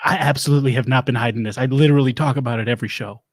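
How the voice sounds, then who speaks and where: A man playing a rambling, divorced doomsday-prep lecturer who hosts an improvised comedy show, talking in halting, deadpan stops and starts. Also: medium pitch, dry recording, studio quality, pitched below the performer's own voice, close to an everyday voice.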